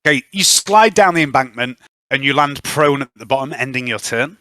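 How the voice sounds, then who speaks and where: Bright-voiced game master. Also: male voice, medium pitch, lively intonation, brisk, no room sound. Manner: chatty, easygoing, with long anecdotes. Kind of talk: running a tabletop game over casual chat.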